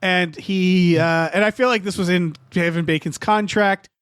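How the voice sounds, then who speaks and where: A man co-hosting a podcast, talking about a holiday special in an animated, swearing, laughing way. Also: sits high, normal speed, clean tone, no echo, clean studio sound. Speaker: podcast host. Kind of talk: casual movie discussion.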